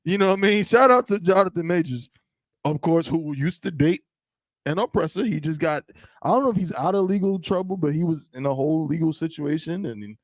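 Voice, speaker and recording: A man with a fairly high voice trades casual banter on a podcast and laughs a lot. His teasing, animated delivery sits close to the mic in a dry room. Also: fairly quick, no echo. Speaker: podcast co-host.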